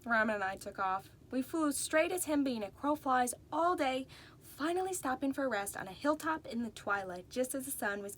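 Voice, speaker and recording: A woman's voice: fairly high pitch, a bit bright. A woman narrating a first-person storybook in a folksy, drawling way. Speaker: audiobook narrator.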